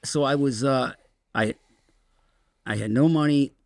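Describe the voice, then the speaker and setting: A man, a podcast guest, telling his recovery story in a rambling, halting way with many restarts. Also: medium pitch, vocal fry, dry recording.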